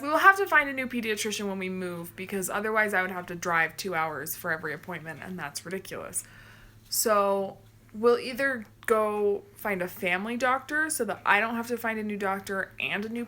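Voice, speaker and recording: A woman tells stories in animated, casual livestream chat, often acting out what others said. Her tone is bright, with a faint room hiss behind her. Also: medium pitch, fairly quick. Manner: animated storyteller, quotes people. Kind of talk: casual live-stream chat.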